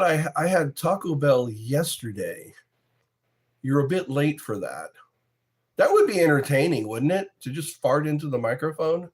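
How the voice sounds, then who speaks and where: In a sing-song, mid-range voice, a man takes his time chatting with his live viewers. Rambling and joking, he reads their comments aloud and often cracks himself up.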